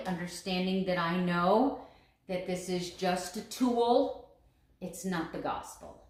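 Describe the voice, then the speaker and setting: A woman's voice: lowish voice, reverberant. A woman talking to camera in a casual daily vlog, earnest and emphatic, stressing her points by repeating phrases. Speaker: vlogger.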